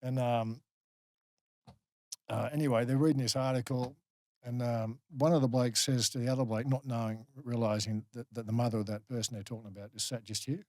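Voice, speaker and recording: A middle-aged Australian man, a guest on a podcast, telling a personal story candidly, halting and restarting often. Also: mid-range voice, fairly even intonation, a little mellow, no echo. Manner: halting, many restarts, earnest. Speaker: guest, former rugby league player.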